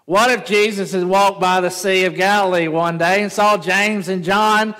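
A man's voice: high voice, steady tone, normal speed, sharp tone. A man preaching a sermon as a pastor, speaking conversationally and often asking the congregation rhetorical questions. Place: church sanctuary. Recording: long hall reverb.

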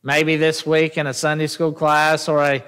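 At normal speed and with a completely flat delivery, a pastor preaches in a fairly high, slightly bright voice that is clear and resonant. The church sanctuary echoes, and he often asks the congregation questions, engaging them in call-and-response.

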